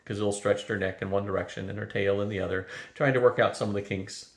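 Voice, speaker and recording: An older man reading a children's fantasy novel aloud, in a lively storybook manner, in a roomy-sounding recording. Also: lowish voice, fast. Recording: roomy echo.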